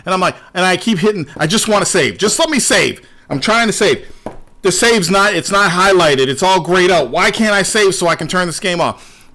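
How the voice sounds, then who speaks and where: A man hosting a casual show, ranting in an animated, profane way and trailing off into repeated words. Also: sits high, moderate pace. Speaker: podcast host.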